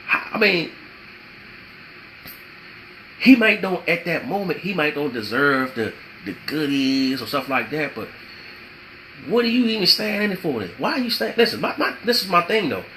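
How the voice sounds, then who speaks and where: Bright-voiced man preaching relationship advice. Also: on the high side, big pitch swings, normal speed, a little hiss or hum, poor audio. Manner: emphatic and repetitive, with spiritual asides. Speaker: vlogger giving relationship advice. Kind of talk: preachy motivational talk.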